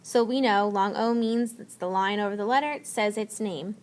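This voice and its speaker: A woman teacher giving a spelling lesson, slowly and patiently sounding out letters and words. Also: medium pitch.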